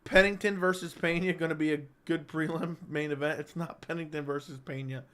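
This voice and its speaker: A man's voice: on the high side, fairly even intonation, fairly quick, fairly bright tone. A young man hosting a live-stream chat, rambling and joking as he reads viewer comments aloud.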